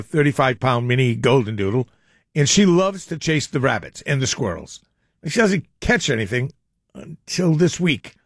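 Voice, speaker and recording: A man's voice: medium pitch, no echo, clean studio sound. An older man hosting a call-in radio show, telling rambling stories with frequent chuckles. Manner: rambling storyteller, chuckles often. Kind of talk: casual radio chat.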